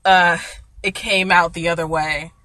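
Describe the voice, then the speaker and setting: A young woman in casual chat, telling an animated story about work and acting out the people in it. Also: fairly low pitch, unhurried, dry recording. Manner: animated storyteller, voices people in her anecdotes, laughs often. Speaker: food service worker telling a story.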